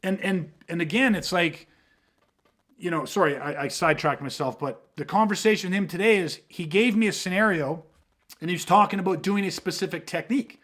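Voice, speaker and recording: Rambling, profane man with a higher voice. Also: fairly quick, fairly bright tone. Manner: rambling storyteller, profane, many fillers like "you know what I mean". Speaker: self-defense instructor, podcast host. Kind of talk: casual podcast chat.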